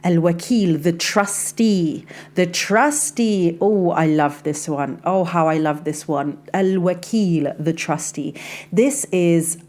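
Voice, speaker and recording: A woman's voice: on the low side, takes it slowly, darkish tone. A woman hosting a casual faith podcast, chatty and confiding, talking straight to the listener like a friend. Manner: chatty and confiding, addresses listener as sis, frequent "like". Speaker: podcast host and life coach.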